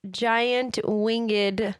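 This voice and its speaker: A woman co-hosts a podcast in a relaxed chatty way, laughing often as she recaps scenes. She talks slowly in a fairly high voice. The sound is dry and close. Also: clear, resonant tone, no room sound. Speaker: podcast co-host. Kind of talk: casual chat.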